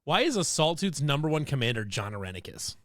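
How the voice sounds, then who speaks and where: A man's voice: a little high, big pitch swings, quick pace, fairly bright tone, no room sound, studio quality. A man co-hosting a casual streamed chat, rambling and giggling, often repeating himself. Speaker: co-host.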